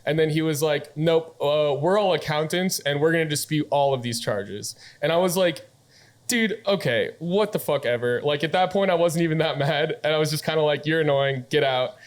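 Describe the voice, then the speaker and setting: Young dude bartender venting on a podcast, swears a lot, laughs through it. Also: male voice, a little high, moderate pace. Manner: animated, swearing, laughing while telling a story. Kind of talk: casual storytelling chat.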